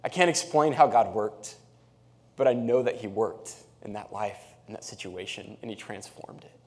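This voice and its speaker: A man's voice: lowish voice, lively intonation, normal speed. A man preaching a sermon in a conversational way, laughing now and then and reading scripture aloud. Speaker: pastor.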